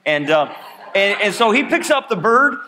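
A man preaching a sermon, telling a personal story in a chatty, animated way and acting out the scenes. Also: high-pitched, normal speed, background noise. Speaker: pastor.

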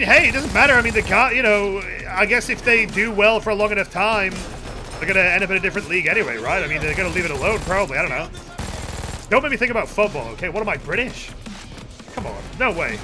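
A man with a high, bright voice rambles through a casual live stream, swearing freely as he answers chat. His pitch swings all over the place, and faint music plays behind him. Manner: rambling, heavy casual swearing, chatty with viewers.

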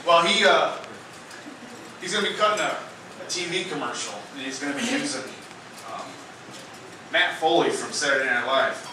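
A man performing a stand-up comedy set in a club, telling stories in a rambling, halting way with many fillers. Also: on the high side. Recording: echoey club, distant mic, noisy.

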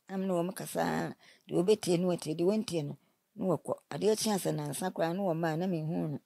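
A woman in her nineties from Ghana, telling her life story in an interview and giving advice with lively quoted speech. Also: fairly low pitch, fairly quick, vocal fry, no room sound, clean studio sound. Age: 90s. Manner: animated, advising, acts out quoted speech.

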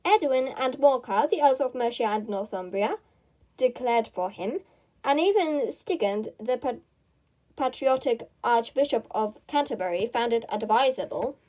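A woman's voice: a little high, lively intonation, a little slow, dark tone. A woman reading aloud and voicing a fussy, self-important male mouse who lectures pompously.

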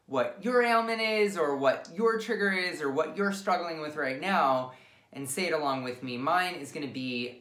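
Woman, low register, very animated intonation, casual wellness teacher, blunt and self-mocking, reverberant room. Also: unhurried. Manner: candid and self-deprecating, swears freely, talks herself through a tapping script. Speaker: wellness instructor. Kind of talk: casual instructional demonstration. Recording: echoey room.

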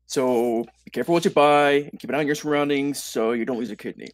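A man playing in a tabletop game, joking in a wry, deadpan way. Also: medium pitch, fast. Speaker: player. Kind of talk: casual game chat.

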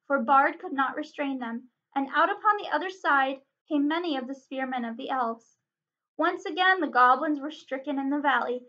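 A woman librarian giving a steady, expressive read-aloud narration of a storybook. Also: sits high, dull audio.

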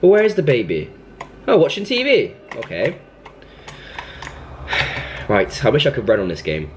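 A man's voice: medium pitch, wildly swooping pitch, measured pace, background noise. A young man commenting on a horror game as he plays, scolding and panicking in turn. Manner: jumpy, panicky outbursts, scolding the game baby. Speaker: gaming YouTuber.

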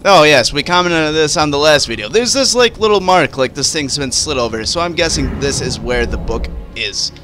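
A man in his own casual let's-play commentary, his voice swinging widely up and down as he reacts to the game. The tone is bright and a little high, playful and freely profane, with faint music under it. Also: normal speed, hardly any pauses, slight background noise. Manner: animated, playful and profane, talking over gameplay. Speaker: gaming channel host.

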